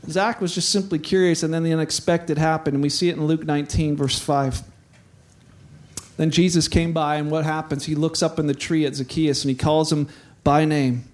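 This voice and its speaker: A male pastor giving a conversational sermon, telling the story with animated energy, chuckles and quick restarts. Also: fairly high pitch.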